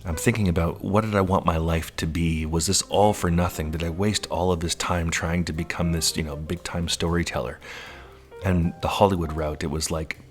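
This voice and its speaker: Man, late 30s, low voice, animated personal storyteller, soft music behind. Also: normal speed. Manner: animated, acts out quoted voices. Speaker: storyteller recounting his life.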